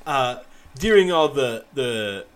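A man's voice: mid-range voice, big pitch swings, slow pace. A man co-hosting a podcast, chatting casually about an anime episode with frequent laughs and joking asides. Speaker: podcast co-host. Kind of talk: casual episode recap chat.

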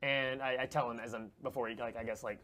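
A man playing a tabletop game, working out his ideas aloud with many pauses and restarts. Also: mid-range voice, fairly even intonation, pushed and bright. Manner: halting, full of fillers and restarts. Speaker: player. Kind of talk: casual tabletop play.

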